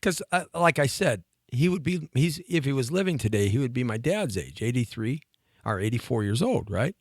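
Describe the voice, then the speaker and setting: A man in his fifties telling a long personal story on a talk show, lively and chatty, laughing between lines and often restarting his sentences. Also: medium pitch, normal speed, no echo, clean studio sound. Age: 50s.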